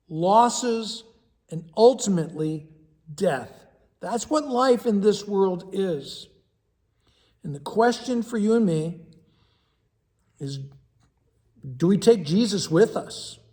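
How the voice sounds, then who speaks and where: A man's voice: high-pitched, big-room sound. A man speaking as a pastor, giving a casual devotional talk in a conversational way, with restarts and asides.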